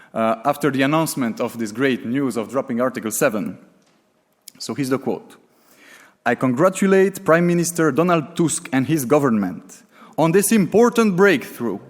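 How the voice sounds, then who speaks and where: Guy reading a conference talk off his notes, lots of uhs and fixing his words, voice a bit high, echoing hall. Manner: reads from notes with frequent fillers and self-corrections. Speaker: conference speaker. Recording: long reverb of a hall.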